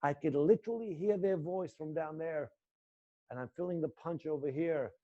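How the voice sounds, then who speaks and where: A male acting teacher guiding students through an intense exercise, swinging between low muttered lines and loud coaching. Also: moderate pace, dull audio. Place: indoor room.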